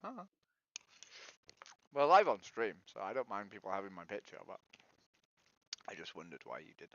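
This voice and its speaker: A woman's voice: a bass voice, sing-song, normal speed, a bit bright. A woman, streaming on a video chat site and pressing strangers with direct, persistent questions. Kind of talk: casual argumentative chat. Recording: dull lo-fi stream audio.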